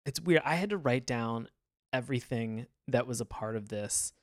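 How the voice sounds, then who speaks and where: A man co-hosting a podcast in casual chat, rambling and animated, laughing often. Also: medium pitch, normal speed, dry recording, studio quality. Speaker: podcast co-host.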